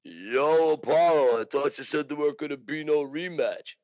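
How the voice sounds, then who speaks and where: A man's voice: on the high side, normal speed, a little mellow, no room sound, lightly acted. A man putting on the voice of a tough, streetwise male boxer, with a tough-guy drawl, recorded dull and dry. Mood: taunting. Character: Rocky, tough working-class male boxer.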